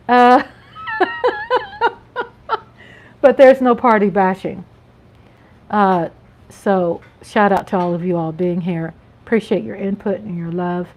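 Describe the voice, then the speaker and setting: A woman hosting a casual livestream, chatty and playful, drawing out her greetings to viewers. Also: mid-range voice. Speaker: livestream host. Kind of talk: casual live-stream chat.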